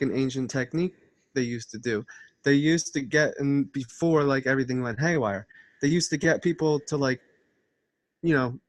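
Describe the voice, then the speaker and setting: A man talking casually but earnestly, laying out his ideas in a preachy way. His voice is mid-pitched and the recording is dry, with no room echo. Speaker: channel host. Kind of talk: casual conversation.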